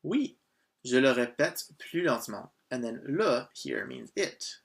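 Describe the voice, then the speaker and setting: A man's voice: mid-range voice, animated, measured pace, gravelly, breathy edge. A man teaching a beginner language lesson, patient and encouraging, with lots of short prompts and repetition. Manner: patient, encouraging, switches between English and French phrases. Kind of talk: scripted lesson narration.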